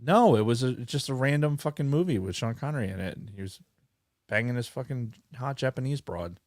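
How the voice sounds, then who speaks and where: A man co-hosting a podcast, with a mid-range voice that swings widely in pitch. He rambles with a wry, profane edge. The recording is dry and close. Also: animated, brisk, darkish tone, dry recording. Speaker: podcast co-host. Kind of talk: casual chat.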